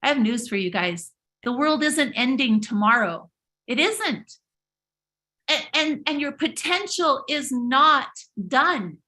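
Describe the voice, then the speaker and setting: Bright, high-voiced impassioned woman speaker. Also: lively intonation, takes it slowly. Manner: emphatic, preachy, repeats and restarts words. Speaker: host of a live motivational stream. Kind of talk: impassioned motivational talk.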